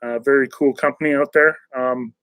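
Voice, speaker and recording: A man's voice: mid-range voice, steady tone, normal speed, a bit bright, clean tone, dry recording, low-quality recording. A man hosting a casual live-stream chat, reading viewer messages aloud and answering them in a rambling way, with many fillers and restarts.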